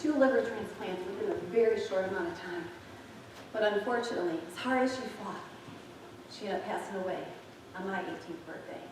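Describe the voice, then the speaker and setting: A woman's voice: medium pitch, a little mellow, slight background noise. A woman in her forties preaching a sermon, telling personal stories to her congregation in a candid, chatty way. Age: 40s. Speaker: pastor. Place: church sanctuary. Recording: very echoey, distant from mic.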